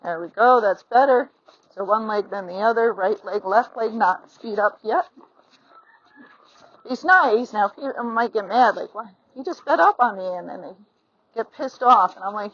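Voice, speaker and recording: A woman's voice: a little high, expressive, unhurried, pauses often. A middle-aged woman giving a riding lesson outdoors while on horseback, chatty and encouraging, talking into a phone mic. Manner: chatty and encouraging, acts out horse and rider thoughts. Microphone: phone mounted on the rider. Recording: slightly dull lo-fi sound.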